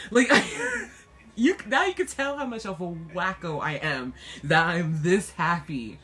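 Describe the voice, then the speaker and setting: In a slow-paced vlog, a young woman talks casually to camera, lively and excitable. She keeps laughing and jumping high, with humor that is dark and self-deprecating.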